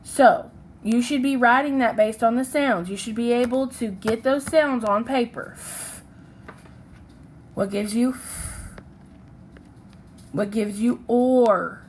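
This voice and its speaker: A woman teacher gives a recorded phonics lesson to children, patiently sounding out letters and syllables. Her voice is fairly high and measured in pace, with a little hiss or hum in the recording.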